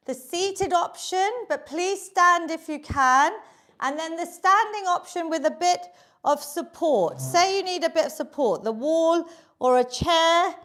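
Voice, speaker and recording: A British fitness instructor with a high, fairly bright voice leads a live online workout from her home exercise room. She's upbeat and encouraging, counting down reps while a little out of breath.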